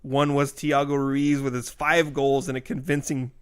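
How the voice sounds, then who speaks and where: A man's voice: mid-range voice, flat delivery, normal speed, clean tone. A man co-hosting a casual local sports podcast, reading youth soccer results with jokes along the way. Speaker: podcast co-host.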